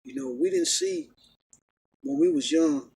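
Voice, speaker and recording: Ranting man with a high-pitched voice. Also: huge pitch swings, unhurried, gravelly, breathy edge, low-quality recording. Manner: emphatic, repetitive, swings from loud rant to low stern preaching. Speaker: vlogger preaching his faith. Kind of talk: casual rant and preaching. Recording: faint background noise.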